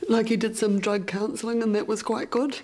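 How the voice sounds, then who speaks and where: A woman's voice: on the high side, level tone, brisk, a little mellow. A woman, speaking plainly as a mother about her son. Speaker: offender's mother.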